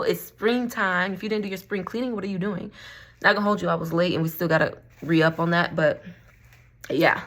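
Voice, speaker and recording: A woman's voice: fairly low pitch, steady tone, a little fast, a bit bright. A woman from Florida chatting to camera at home, rambling and laughing often, saying y'all. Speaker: vlogger and crystal seller. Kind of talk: casual chat to camera.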